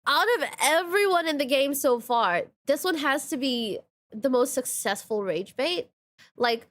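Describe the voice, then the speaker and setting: Exasperated young woman streamer, higher voice. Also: no echo. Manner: exasperated, swears often, says "question mark" aloud. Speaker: streamer playing a story game. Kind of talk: casual game commentary.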